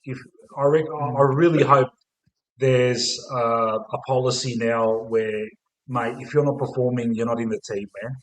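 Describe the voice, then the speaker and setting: A man's voice: mid-range voice, steady tone, unhurried, poor audio. A man with an Australian accent hosting a casual footy stream, swearing often and padding with "mate" and "man". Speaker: host of a fan stream.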